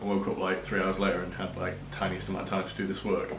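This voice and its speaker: A man's voice: deep voice, completely flat delivery, fast talker, roomy sound, noisy background. A young man from Cheshire chatting on a vlog, rambling through an anecdote and laughing as he goes. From Cheshire, England. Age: young adult. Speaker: vlogger. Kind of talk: casual chat.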